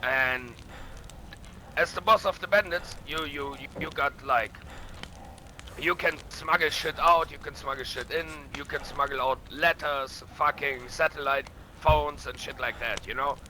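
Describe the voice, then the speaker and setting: Man, bandit-boss roleplayer in game chat; high, sharp, profane and boastful. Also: measured pace, slight background noise, poor audio. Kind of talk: in-character roleplay storytelling.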